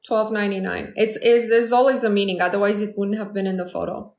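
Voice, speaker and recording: Chatty confident woman coaching on a live, some vocal fry, echoey room. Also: mid-range voice, steady tone, fast, darkish tone. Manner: confident, chatty, acts out quoted lines. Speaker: manifestation coach hosting a live stream. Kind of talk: casual live-stream talk to viewers.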